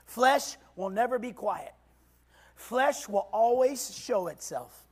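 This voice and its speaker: A man preaching a sermon in a shouting, call-and-response style, swinging from loud cries down to quiet low stretches. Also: animated, slow pace.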